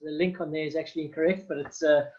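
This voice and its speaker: Man making hurried announcements. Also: on the high side, fairly even intonation, darkish tone, dull audio. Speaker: event organizer. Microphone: video call.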